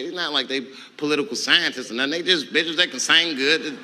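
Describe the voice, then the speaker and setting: A male stand-up comedian telling profane stories, swinging from low mutters to loud outbursts. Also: brisk, few pauses. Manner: profane, animated, leaps between muttering and shouting. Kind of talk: stand-up storytelling. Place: live comedy stage. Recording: noisy live stage recording.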